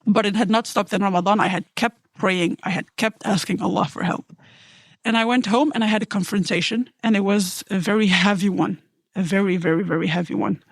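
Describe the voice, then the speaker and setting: A woman's voice: medium pitch, steady tone, a little fast, no echo. A woman giving heartfelt personal testimony, earnestly retelling events and acting out the dialogue as she goes. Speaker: storyteller guest.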